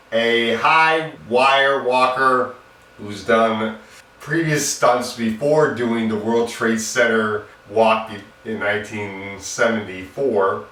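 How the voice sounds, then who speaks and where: A man's voice: lowish voice, bright, forceful tone. A man giving a casual, rambling film review in an earnest manner. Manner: earnest, repetitive, loose and rambling. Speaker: movie reviewer. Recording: roomy echo, distant mic, faint hum.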